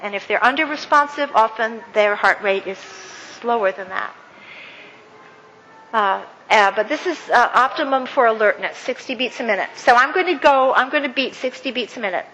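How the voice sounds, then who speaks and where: A woman speaker leading an audience through a counting and clapping exercise, with many fillers and warm praise. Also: fairly high pitch, fairly quick, hardly any pauses, dull audio, a little hiss or hum. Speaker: guest speaker. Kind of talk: interactive workshop talk. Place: event hall with audience. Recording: echoey hall with faint ambience.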